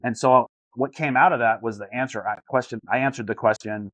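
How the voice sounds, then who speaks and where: A man's voice: mid-range voice, steady tone, a little fast, a bit bright, no room sound, poor audio. A man talking as a life coach on a video call, earnest, often repeating words as he searches for the phrasing. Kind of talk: casual coaching talk over a call.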